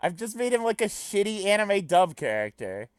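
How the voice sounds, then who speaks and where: A woman streamer reading a webcomic aloud, chatting in a giggly, lively and self-deprecating way. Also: medium pitch, normal speed, no echo. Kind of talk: casual chat on a live stream.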